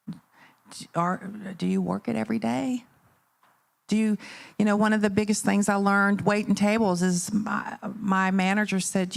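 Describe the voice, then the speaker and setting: A middle-aged woman giving a motivational talk at a conference, telling stories in an animated way and asking the audience rhetorical questions. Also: mid-range voice, vocal fry. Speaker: keynote speaker. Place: conference venue.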